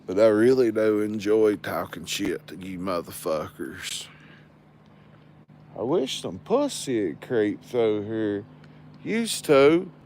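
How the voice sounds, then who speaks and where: A man's voice: fairly low pitch, sing-song, takes it slowly, darkish tone, a little hiss or hum. A man, telling rambling, profane stories to his livestream viewers. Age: 40s. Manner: loose, crude, rambling storytelling.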